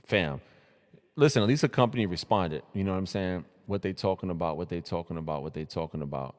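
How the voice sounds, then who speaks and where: Hosting a casual live stream, a young man from New City, New York City, reacts to social media posts in hyped, slangy talk packed with repeated greetings and shout-outs. His voice is deep and quick, sounding as if in a large hall.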